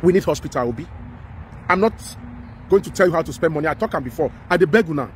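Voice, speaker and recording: A Nigerian-accented man, a social commentator, delivers impassioned commentary, emphatic and repetitive, as he pleads with his listener. His voice runs on the high side, expressive and fast, with slight background noise.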